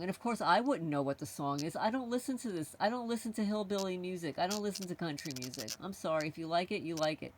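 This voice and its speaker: A woman's voice: lowish voice, a little mellow, a little hiss or hum. Blunt, outspoken woman vlogger. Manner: outspoken and blunt, circles back to repeat points. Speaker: channel host. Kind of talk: casual to-camera monologue.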